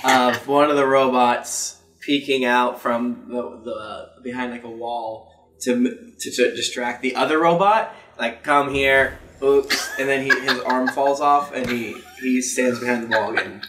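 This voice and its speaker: A man playing a live tabletop game, trading quick, jokey one-liners. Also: mid-range voice, fairly bright tone, reverberant, far from the mic, slight background noise. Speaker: player.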